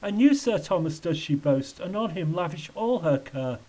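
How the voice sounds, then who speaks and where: A man's voice: fairly high pitch, measured pace, a little mellow, rough recording. A man voicing a wretched, childlike male tramp who wails in sing-song rhymes for a storybook reading. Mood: wailing. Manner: sing-song rhyming wail.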